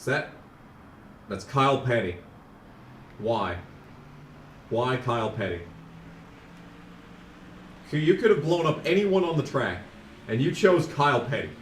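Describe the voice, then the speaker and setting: A man streaming a racing game, chatting casually and ranting sarcastically, sometimes mocking a fast auctioneer. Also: mid-range voice, big pitch swings, reverberant, distant mic, slight background noise. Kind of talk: casual live-stream commentary.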